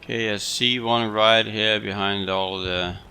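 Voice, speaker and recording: A man giving relaxed, chatty commentary over his own gameplay, amused at what happens on screen. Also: fairly low pitch, a little slow, slight background noise. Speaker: gaming video host.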